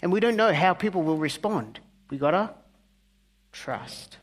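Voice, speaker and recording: A male pastor preaching a conversational sermon, earnest, with humorous asides and soft, hushed key words. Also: high-pitched, animated, fairly quick. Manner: earnest, softening to near-whispers on key words.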